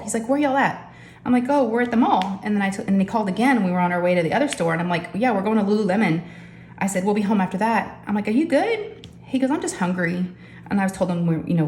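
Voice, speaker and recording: A middle-aged woman chatting casually as a crafting vlogger, animated and talking straight to her viewers. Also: mid-range voice, slight background noise. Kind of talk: casual storytelling chat. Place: home craft room. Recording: echoey room with faint ambience.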